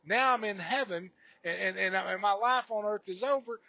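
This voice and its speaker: A man's voice: sits high, moderate pace, vocal fry, bright, forceful tone, dry recording, lo-fi sound, heavily acted. A man voicing a drowned man who stands before God, upset and bewildered, complaining that he trusted and was not saved. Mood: frustrated.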